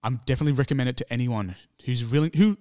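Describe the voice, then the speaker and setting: A man's voice: medium pitch, rapid-fire, a little mellow. A man co-hosting a film review podcast, chatting casually and often restarting his sentences. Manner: rambling, many restarts and fillers. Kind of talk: casual chat.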